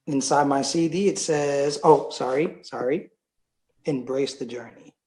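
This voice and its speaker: Laid-back swearing rapper guest, echoey room. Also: male voice, mid-range voice, a little slow, darkish tone. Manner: laid-back, swears freely, many fillers. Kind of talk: casual interview talk.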